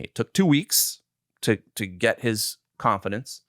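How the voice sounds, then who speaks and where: A man's voice: on the low side, moderate pace, dry recording, studio quality. A man in his sixties, a film director guest, telling stories in an interview and acting out the lines people said. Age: 60s. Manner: animated storyteller who acts out quoted lines. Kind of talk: interview storytelling.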